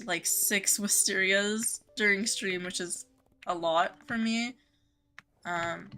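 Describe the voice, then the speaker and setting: A woman game streamer with a mid-range, bright, forceful voice chats casually with her viewers and reads their messages. She's chatty and laughs easily, filling her talk with lots of "um" and "like."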